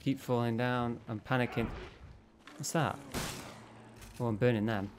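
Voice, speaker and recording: A man playing a horror game on his channel and talking through it. His voice sits at an ordinary middle pitch, and he swears often and breaks into sudden panicky outbursts when he gets scared. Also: fairly even intonation, moderate pace, noisy background. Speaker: gameplay channel host. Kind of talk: horror let's play commentary.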